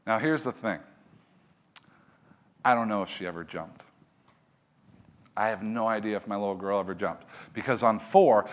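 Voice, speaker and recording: A middle-aged man telling a story to an audience as a motivational speaker, animated, swinging from hushed to loud. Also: fairly low pitch, normal speed, long pauses.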